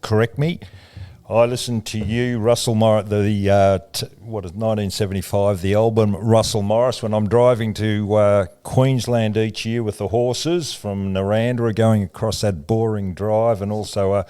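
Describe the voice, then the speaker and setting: A man's voice: fairly low pitch, fairly even intonation, normal speed, dark tone, clean tone. A man, a podcast co-host asking meandering questions full of fillers. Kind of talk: casual interview chat.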